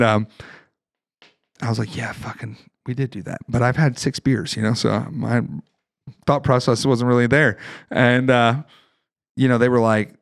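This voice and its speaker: A podcast guest from Ohio in his thirties, a fighter and Marine veteran, speaks in a mid-range voice. He tells war stories casually, profanely and animatedly, acting out other people's voices.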